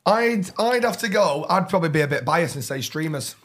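Excitable young man, casual podcast chat. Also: fairly high pitch, brisk, slightly rough. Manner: excitable, effusive about food.

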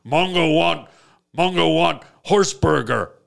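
A man's voice: a little high, slow pace, vocal fry, a bit bright, exaggerated voice. A man voicing a dim, muscle-bound male buddy who speaks in broken third-person grunts. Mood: blunt. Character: dim, brawny caveman-talking male buddy.

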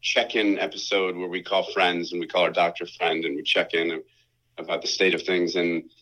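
Bright-toned, rambling man, self-deprecating. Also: low-pitched, level tone, moderate pace, low-quality recording. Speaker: guest, actor and podcaster. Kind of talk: casual chat over a call.

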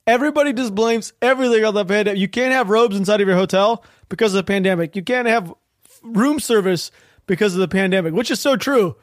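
High-voiced ranting podcast man. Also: quick pace, no room sound, clean studio sound. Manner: ranting, sarcastic, swears freely, laughs at news. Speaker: podcast host. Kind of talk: solo political podcast commentary.

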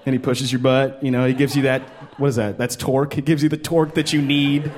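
A man in his thirties performing a stand-up comedy set on a club stage into a handheld mic, animated and jumping into character voices. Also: brisk. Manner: animated, jumps into high-pitched character voices.

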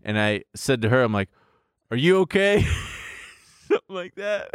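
A man's voice: medium pitch, a little slow, smooth, no room sound, clean studio sound. A man in his thirties, co-hosting a podcast, telling a story in casual chat and acting out the voices in it. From United States. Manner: animated, acts out voices in his stories, laughs often. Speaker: podcast co-host.

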